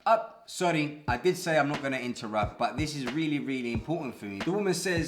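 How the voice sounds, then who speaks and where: A man's voice: on the high side, lively intonation, fast talker, hardly any pauses, background noise. A man talking to camera about a legal fight, aggrieved and emphatic, often acting out both sides of a conversation. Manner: aggrieved, emphatic, talks in quoted dialogue. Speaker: vlogger. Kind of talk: commentary to camera. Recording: echoey room with background music.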